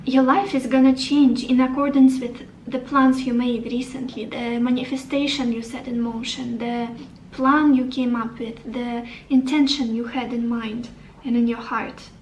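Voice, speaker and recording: A woman's voice: fairly high pitch, little pitch movement, a little slow, few pauses, a little mellow, reverberant, distant mic, a little hiss or hum, poor audio. A woman giving a tarot reading to the camera, upbeat and encouraging, thinking aloud as she turns over cards. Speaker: tarot reader.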